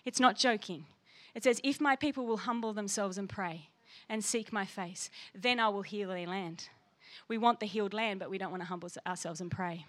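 A woman's voice: medium pitch, a little fast, hardly any pauses. A woman pastor preaching a sermon with passion and emphasis, reading scripture aloud.

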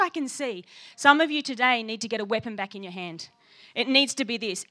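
A woman's voice: a little high, brisk, hardly any pauses, bright, forceful tone. A woman pastor preaching a sermon with passion and emphasis, reading scripture aloud.

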